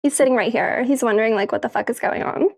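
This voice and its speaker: A woman's voice: a little high, fast, gravelly. A young woman streaming live from her kitchen, chatting casually with viewers and her pets, laughing often and swearing freely. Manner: giggly, swears freely, talks to chat and pets. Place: home kitchen.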